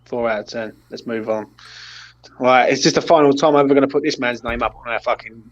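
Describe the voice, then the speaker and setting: Sweary fan host, muffled. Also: male voice, medium pitch, quick pace. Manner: blunt, sweary, leads the ratings. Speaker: host of a football fan channel. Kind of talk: casual post-match chat.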